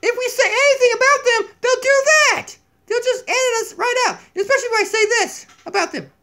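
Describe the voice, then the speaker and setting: A man voicing a silly, fart-obsessed male donkey puppet who is jumpy and easily scared, talking in a squeaky, giggly way in a home kitchen on a tablet mic. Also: a little fast, sharp tone, exaggerated voice. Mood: cheeky. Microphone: tablet camera mic.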